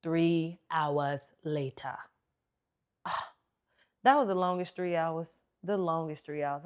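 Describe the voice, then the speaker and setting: A woman hosting a podcast, telling a personal story in a lively, chatty, informal way full of slang and acted-out dialogue. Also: deep voice, slow, long pauses, smooth. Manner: animated, chatty retelling with lots of quoted dialogue. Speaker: podcast host.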